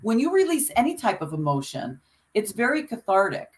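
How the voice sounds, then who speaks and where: An earnest woman on a podcast, speaking at an ordinary mid pitch. She talks like a coach, urging listeners on in casual conversation and often restarting her sentences. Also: wildly swooping pitch, a little fast, low-quality recording. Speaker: podcast co-host.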